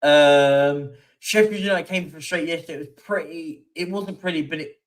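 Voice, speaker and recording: Chatty man with a fairly high voice. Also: normal speed, recorded from a distance. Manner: rambling, chatty, reads out stats with many fillers. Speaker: livestream host. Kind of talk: casual live-stream chat reading viewer comments.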